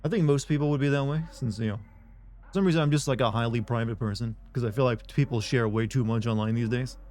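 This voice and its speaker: A man's voice: mid-range voice, quick pace, darkish tone. A man on a live game stream chatting casually with viewers, rambling and offhand, with frequent swearing and restarts.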